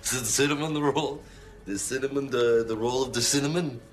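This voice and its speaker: An actor playing a dim henchman with a put-on Russian accent who speaks haltingly. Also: medium pitch, faint music behind, natural voice. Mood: puzzled. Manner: halting, slow-witted.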